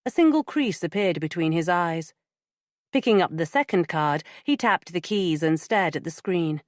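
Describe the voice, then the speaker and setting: Low-voiced woman narrating a thriller. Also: lively intonation, normal speed, no room sound, studio quality. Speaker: audiobook narrator. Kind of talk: scripted narration.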